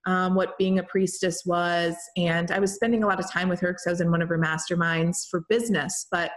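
A woman telling her own story in a casual, animated way, talking with lots of "like" and some swearing. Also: lowish voice, fairly quick. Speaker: spiritual coach.

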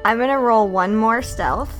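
A woman's voice: on the high side, normal speed, a bit bright. A woman playing in a tabletop game, mischievous and giggly. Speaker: player. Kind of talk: casual tabletop game play. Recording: faint background music.

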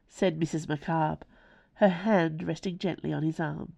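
A woman reading her own novella aloud as narrator, in an expressive storytelling manner. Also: deep voice, measured pace, gravelly. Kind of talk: scripted narration.

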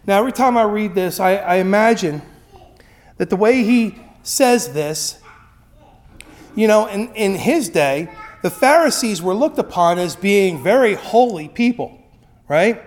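A man preaching a sermon with a notably high-pitched voice. He talks conversationally and often checks in with his listeners as he teaches. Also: animated, measured pace. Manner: conversational, with frequent tag questions. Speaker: pastor.

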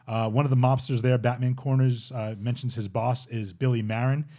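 A man's voice: medium pitch, steady tone, moderate pace, warm tone. A man in his forties hosting a casual chat and eagerly retelling cartoon plots.

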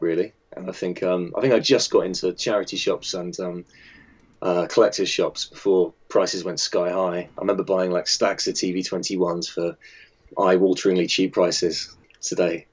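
A man's voice: low-pitched, lo-fi sound. A man who edits and designs a magazine answers interview questions in a chatty, hesitant way, with many fillers and restarts.

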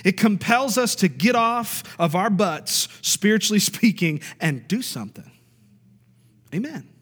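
A man preaching with a high-pitched, emphatic delivery, driving points home by repeating them and asking for amens. His voice rings out with the long reverb of a large church hall. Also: lively intonation, unhurried, a bit bright, breathy edge. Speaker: pastor. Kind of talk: sermon.

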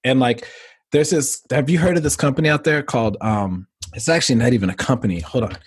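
Man, husky voice, casual podcast chat, swearing, rambling. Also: mid-range voice, quick pace. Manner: profane, rambling, conspiratorial.

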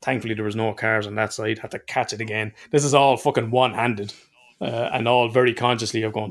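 A man's voice: medium pitch, fairly even intonation, brisk. An Irish man telling rambling stories in casual podcast chat and swearing freely. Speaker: podcast co-host.

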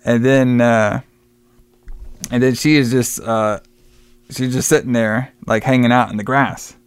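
A man's voice: mid-range voice, a little slow, clear, resonant tone, no echo. A man co-hosting a casual podcast, retelling a film scene by scene with playful voices for the characters and frequent filler words. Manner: animated retelling, acts out characters, says "brother" often. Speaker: podcast co-host. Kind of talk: casual movie review chat.

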